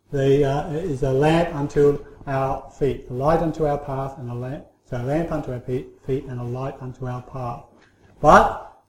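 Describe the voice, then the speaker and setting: A man giving a children's story in church, talking informally with many pauses and restarts. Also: a little high. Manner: halting, many fillers and restarts. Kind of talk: informal sermon. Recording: roomy hall echo.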